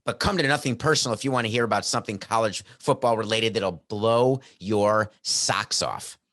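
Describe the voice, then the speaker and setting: In a fairly low, slightly bright voice at normal speed, a middle-aged man runs a sports talk show on a headset mic. The monologue is casual, joking and sarcastic, and packed with rhetorical questions.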